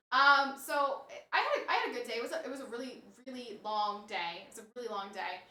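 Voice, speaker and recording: A woman's voice: high voice, brisk, bright, forceful tone, a little hiss or hum. A woman streamer chatting casually on a live stream, rambling and answering her chat as she goes. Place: home, room with snake enclosure. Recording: roomy, distant mic.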